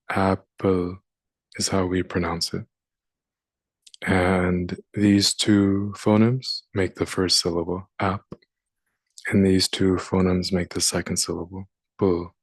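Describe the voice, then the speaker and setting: Slow, low-voiced man teaching phonics. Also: no room sound. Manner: slow and deliberate, sounding out words. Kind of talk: phonics lesson.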